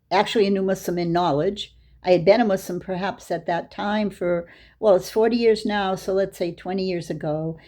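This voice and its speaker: A woman's voice: medium pitch, mellow. An older woman giving a storytelling lecture, recounting anecdotes and acting out the dialogue in her own voice. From Boston area, USA. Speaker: Islamic lecturer.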